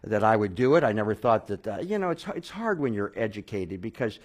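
A man telling his personal conversion story, halting with fillers and restarts, then growing animated and laughing at the funny parts. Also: lowish voice. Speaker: speaker sharing a personal conversion testimony.

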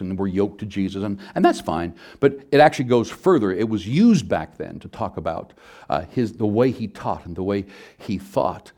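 Conversational male pastor telling stories. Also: on the low side. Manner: conversational storytelling, shifts between soft and loud. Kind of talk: sermon.

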